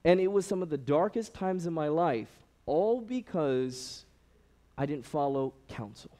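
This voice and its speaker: This ministry director's sermon-style talk is built on animated, conversational storytelling, with frequent fillers and impressions of the people he quotes. He speaks a little slowly in a fairly high-pitched voice.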